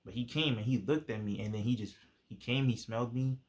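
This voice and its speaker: A young man with a medium-pitched voice talks fairly quickly as he casually tells a personal testimony. His storytelling is laid-back, full of slang and plenty of fillers.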